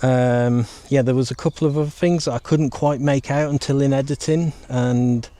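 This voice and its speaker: A man talking casually to his camera while exploring woods outdoors, hushed and jumpy, rambling as he goes. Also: medium pitch. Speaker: paranormal investigator vlogger. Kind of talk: casual vlog commentary. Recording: faint outdoor noise.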